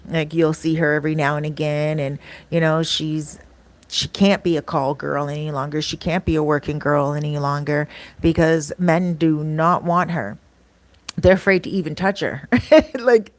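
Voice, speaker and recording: Woman vlogger, casual storytelling chat, rambling, fillers, slightly low voice. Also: dry recording. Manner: chatty, rambling, acts out quoted dialogue; frequent fillers like um and you know. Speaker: vlogger and channel host.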